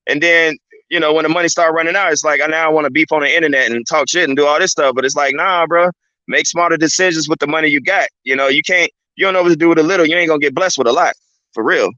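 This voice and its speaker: A man's voice: a little high, fast, sharp tone, no room sound. Man with a dull, lo-fi sound. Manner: loose and conversational, keeps saying "you know what I'm saying". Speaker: host. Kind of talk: casual commentary monologue.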